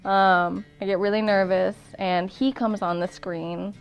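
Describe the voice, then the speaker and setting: A woman's voice: medium pitch, steady tone, a little slow, gravelly, over music. A young woman casually telling the story of her proposal in an interview, chatty, with frequent ums and restarts.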